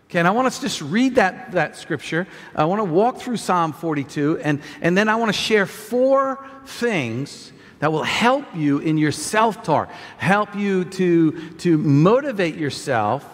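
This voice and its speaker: Male pastor, high voice, sermon, repeats words, loud then hushed, echoing church hall. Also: sing-song, measured pace, hardly any pauses. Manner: swings from loud shouting to quiet scripture reading.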